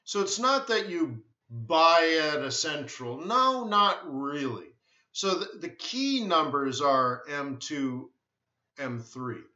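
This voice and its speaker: Animated yet unhurried, a man with a fairly high, sharp voice hosts a live forex trading stream. He repeats himself a lot and answers viewers bluntly and emphatically. The audio is lo-fi and dull, with room echo.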